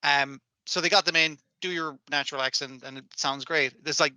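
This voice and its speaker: Bright-voiced podcast host man. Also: fairly high pitch, no room sound. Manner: chatty, agreeable, quick to swear. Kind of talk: casual podcast chat.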